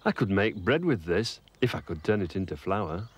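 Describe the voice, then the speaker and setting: A man presenting a children's TV show, talking gently and chattily as he explains things to children. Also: low voice, sing-song, moderate pace, husky.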